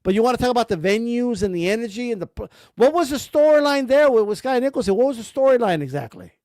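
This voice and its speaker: A man with a strikingly high voice, ranting sarcastically and swearing freely. He keeps firing rhetorical questions at his target, and the sound is close and bone-dry. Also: animated, fast, a little mellow, no echo. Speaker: boxing streamer. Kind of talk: heated rant.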